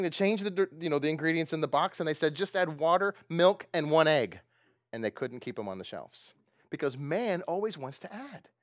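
Male pastor, sermon delivery, animated pitch, questions the room, dry recording. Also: dry recording. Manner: animated, rising to loud emphatic bursts; asks the congregation questions and laughs often.

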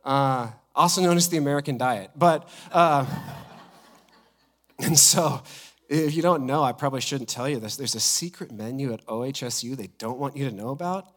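Male pastor, sermon delivery, animated storyteller, middle pitch. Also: moderate pace. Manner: personal storytelling, animated, quoting others.

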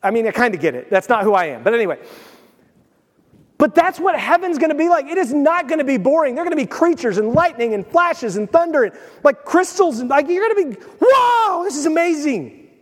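Excitable midwestern pastor guy preaching, kinda high voice, echoey sanctuary. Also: quick pace. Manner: animated, excitable preaching with sudden swings in loudness. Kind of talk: sermon. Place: church sanctuary. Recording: long reverb of a church hall.

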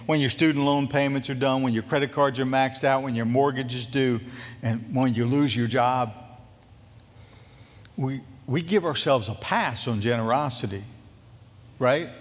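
A man preaching a sermon as a pastor, telling a Bible story in a lively, joking way and acting out what the characters say. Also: mid-range voice, moderate pace, big-room sound. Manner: animated, jokey storytelling that acts out scripture quotes.

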